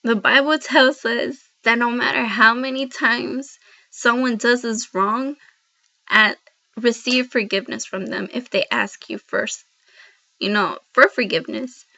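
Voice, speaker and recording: This Christian vlogger's voice is a little high, bright and forceful, with vocal fry, a steady tone and an unhurried pace. Speaking earnestly to camera, she rambles heartfeltly through a devotional message to her viewers, captured in dull lo-fi audio on a built-in laptop mic.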